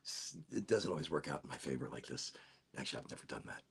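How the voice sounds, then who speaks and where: A middle-aged man hosting a livestream, chatting casually while high, rambling, laughing and making fun of himself. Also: animated, fast, creaky, breathy edge. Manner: rambling, laughing, self-mocking. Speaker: livestream host.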